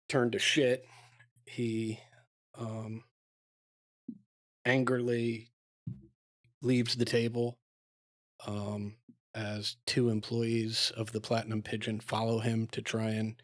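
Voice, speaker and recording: A man playing a tabletop game, recounting his character's adventures in a halting way with many fillers. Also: lowish voice. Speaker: player.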